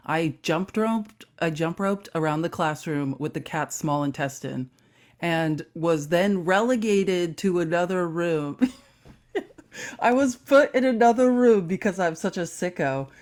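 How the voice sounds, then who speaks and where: A young adult woman co-hosting a comedy podcast, telling a rambling story full of sarcastic asides. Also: on the low side. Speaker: podcast co-host. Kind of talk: casual comedic chat.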